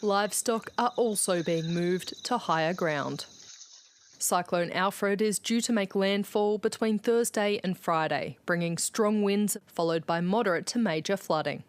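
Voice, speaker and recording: A woman's voice: medium pitch, unhurried, a little hiss or hum. Australian woman narrating a news report. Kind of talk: scripted news voice-over.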